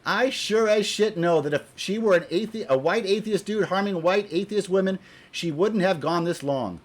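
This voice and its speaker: A man with a notably high-pitched voice delivers a heated, profanity-laced rant to his viewers. He sounds exasperated, stumbles and repeats phrases as he gets worked up, and lurches between loud outbursts and quieter muttered asides. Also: moderate pace. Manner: profane, exasperated, repeats himself when angry. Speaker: video blogger. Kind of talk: heated opinion rant to camera.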